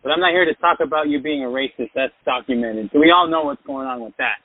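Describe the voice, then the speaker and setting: A man's voice: mid-range voice, fast talker, dry recording. A male caller, sarcastic and needling, mocking the host. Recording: tinny phone line.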